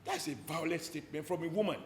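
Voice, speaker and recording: A Nigerian man speaking as a politician in an interview, forceful and rhetorical, hammering home short repeated phrases. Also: on the high side, steady tone, fast, reverberant, a little hiss or hum.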